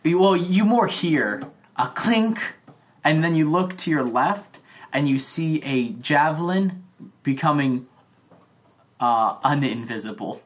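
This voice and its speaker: A woman running a tabletop game as game master, narrating slowly with drawn-out dramatic pauses. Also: low voice, expressive.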